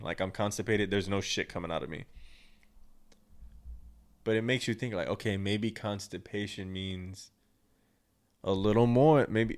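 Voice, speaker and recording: A young man hosting his own podcast, telling a personal story in a blunt, crude, rambling way with plenty of swearing. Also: on the low side. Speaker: podcast host.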